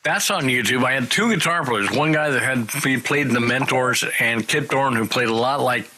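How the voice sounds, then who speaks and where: Bright-voiced man telling road stories. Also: medium pitch, moderate pace, a little hiss or hum, rough recording. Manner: animated storyteller acting out quoted voices. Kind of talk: casual storytelling interview.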